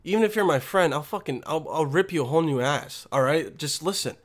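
A man talks alone in a rambling, foul-mouthed monologue, often losing his thread and starting over. He is blunt and combative, and his voice sits fairly high for a man. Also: expressive, a little fast. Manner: crude, rambling, loses his thread, heavy swearing.

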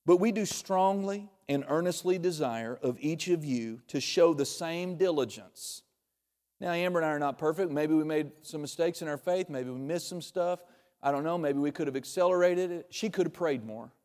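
A man preaching a sermon in a church, conversational and joking, with sudden loud bursts. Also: fairly high pitch, normal speed. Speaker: pastor. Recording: long reverb of a large hall.

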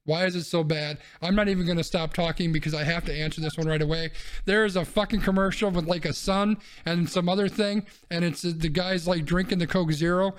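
Man, podcast host, blunt and ranting, casual talk, somewhat high voice. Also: fairly even intonation, fairly quick, clear, resonant tone.

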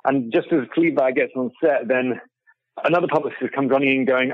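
A middle-aged man telling lively stories as a guest over a remote call, laughing often and restarting his sentences. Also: medium pitch, a little fast, no echo, phone-quality sound. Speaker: guest photographer. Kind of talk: casual storytelling in an interview.

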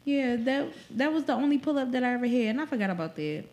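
A woman's voice: sits high, fast talker. A pregnant young woman co-hosting a podcast, telling a story in casual chat, swearing a lot and acting out what people said. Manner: profane, animated storytelling, quotes people often. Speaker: podcast co-host.

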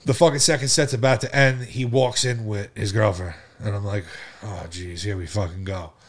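A man's voice: on the low side, moderate pace. A man on a casual podcast telling a wild night-out story, swearing often and acting out what people said. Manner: profane, animated storytelling with re-enacted quotes. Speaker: podcast co-host.

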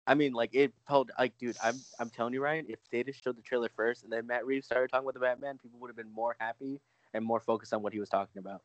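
Excitable rambling young man. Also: medium pitch, fast, no echo. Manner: excitable, rambling, heavy filler words. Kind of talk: casual chat.

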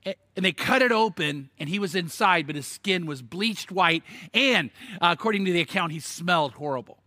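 A man preaching a sermon, telling the story in an animated way with stammered restarts and sudden emphatic bursts. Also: high voice, moderate pace, dry recording. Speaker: pastor.

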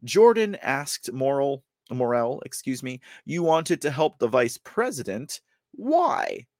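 A man's voice: mid-range voice, animated, measured pace, darkish tone, no room sound. A man hosting a podcast, giving casual political commentary, rambling with many fillers and reading news excerpts aloud. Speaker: podcast host.

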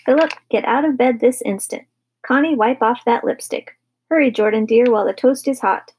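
A woman voicing a cheerful, brisk mother in a storybook reading. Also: a little high, animated, creaky, slightly rough, voice pushed up, exaggerated voice. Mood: bustling. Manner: brisk, bright, calling out. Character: cheerful busy mother, middle-aged woman.

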